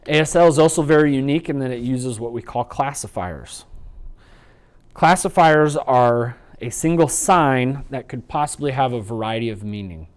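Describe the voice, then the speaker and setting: Patient male sign language trainer. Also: mid-range voice. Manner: patient, explanatory, slows to demonstrate. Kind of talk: instructional lecture. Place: training video recording.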